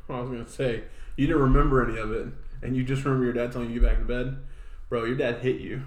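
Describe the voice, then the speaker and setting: A man's voice: mid-range voice, steady tone, quick pace, roomy sound. A man co-hosting a podcast, telling rambling stories in casual chat and laughing often. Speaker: podcast co-host.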